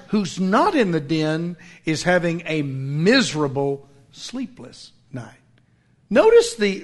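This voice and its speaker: A middle-aged man preaching a sermon, swinging between loud dramatic lines and hushed, slow asides. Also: a little high. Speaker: pastor.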